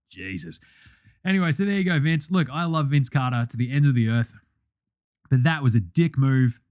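A man's voice: mid-range voice, expressive, normal speed, darkish tone. A young Australian man hosting a basketball podcast, ranting bluntly and swearing often. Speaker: podcast host. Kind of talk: profane basketball commentary.

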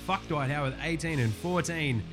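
A man runs through a sports recap in a casual, wisecracking way. He swears freely and stays brash throughout. His voice sits a little on the high side. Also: moderate pace, music in the background. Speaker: podcast host.

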